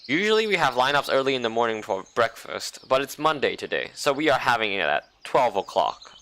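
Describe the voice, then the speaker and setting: A man voicing a bossy female summer camp leader who gives brisk, motherly orders. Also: mid-range voice, big pitch swings, sharp tone. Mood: bossy cheerful.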